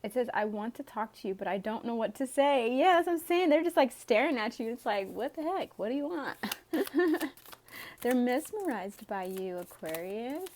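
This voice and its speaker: A woman's voice: fairly high pitch, expressive, brisk, few pauses, a little mellow. A woman doing a casual tarot reading for viewers. She reads the cards aloud in a chatty way, with sighs and laughs along the way. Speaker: tarot reader.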